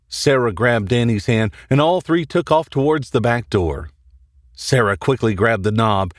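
Man narrating horror with lively pitch. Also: no room sound, clean studio sound. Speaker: host and narrator. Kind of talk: scripted horror story narration.

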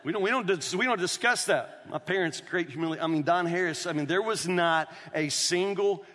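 A man's voice: high-pitched, a little fast, pushed and bright. A man, a pastor telling a story in a sermon and calling the crowd "y'all.". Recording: reverberant hall.

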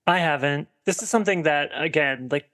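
A man with a somewhat high voice co-hosts a casual movie podcast. He rambles through his thoughts, piling up fillers and starting sentences over as he goes. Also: a little fast, fairly bright tone. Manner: rambling, heavy on filler "like" and restarts. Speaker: podcast co-host. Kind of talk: casual film discussion.

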